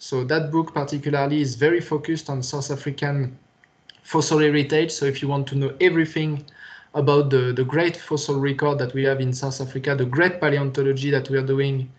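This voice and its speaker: French-accented male lecturer, hesitant delivery. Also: on the high side. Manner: hesitant, many fillers and restarts. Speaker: university lecturer. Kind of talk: recorded online lecture. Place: recorded for a lecture video.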